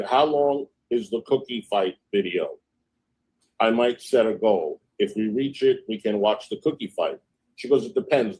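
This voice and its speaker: Brief: male livestream host, husky voice, gossipy recap of messages, loose "I said, she goes" delivery. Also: lowish voice, mellow, low-quality recording. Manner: reads out text messages in a chatty gossipy retelling; frequent fillers, "I said, she goes" storytelling. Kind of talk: casual livestream chat.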